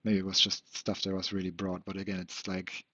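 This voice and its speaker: A young man with a very deep, husky voice rambles through an unscripted monologue, stalling, restarting and second-guessing himself. He swears casually as he thinks out loud. The recording is dull and lo-fi, with a dry, close sound. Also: completely flat delivery, no echo. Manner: hesitant, halting, self-questioning, swears casually. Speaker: vlogger.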